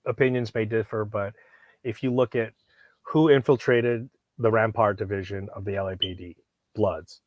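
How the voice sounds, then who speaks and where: A man's voice: on the low side, steady tone, moderate pace, no echo. A man vlogging about knives, telling a rambling, profane story with lots of restarts and bursts of animation. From Hollywood, California. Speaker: knife collector vlogger. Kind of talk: casual storytelling.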